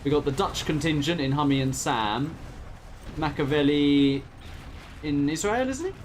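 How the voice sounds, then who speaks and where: A man's voice: a little high, animated, moderate pace, slight background noise. A man, casting a strategy game tournament in a chatty, laughing commentary style. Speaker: game caster. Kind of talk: casual esports commentary.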